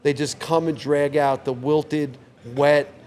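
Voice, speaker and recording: A man in his sixties, a longtime bar owner, telling a story in a relaxed, vivid way on a couch in his bar. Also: fairly high pitch, slow pace. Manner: relaxed, vivid anecdote teller who acts out quoted lines. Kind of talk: casual storytelling interview.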